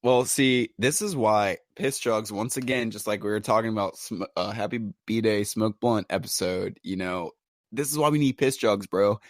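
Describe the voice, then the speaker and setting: Joking, slangy young man, low voice. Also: moderate pace, dry recording, clean studio sound. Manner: joking, slangy, animated storyteller. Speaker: podcast co-host. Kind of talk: casual chat.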